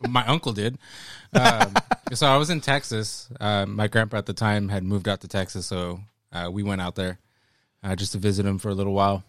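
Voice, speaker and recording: A man's voice: lowish voice, normal speed, a bit bright, no echo, clean studio sound. A man telling a story in a casual, laid-back, joking way. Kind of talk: casual chat.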